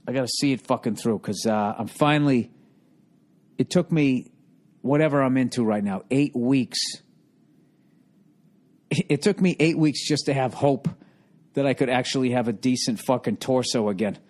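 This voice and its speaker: A man's voice: medium pitch, moderate pace, pauses often, darkish tone. A middle-aged man hosting a podcast, telling a rambling, swear-filled comic story with sarcastic exasperation. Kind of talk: casual comedic monologue.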